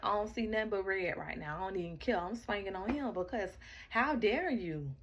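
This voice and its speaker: A woman casually telling a personal story straight to her listeners, animated, acting out the quoted lines and often repeating words as she goes. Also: mid-range voice, a little fast, highs cut off, slight background noise. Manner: talks straight to the audience, repeats and restarts words.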